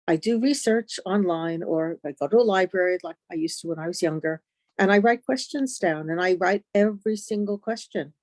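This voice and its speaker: A woman's voice: on the low side, a little mellow, dry recording. A woman on a patient panel who speaks in a blunt, determined way. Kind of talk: panel discussion.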